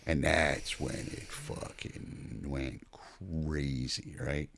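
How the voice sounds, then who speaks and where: An older man, a podcast guest, telling stories in a blunt, profane, animated way. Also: very deep voice, drawn-out words, gravelly, dry recording. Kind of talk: casual storytelling chat.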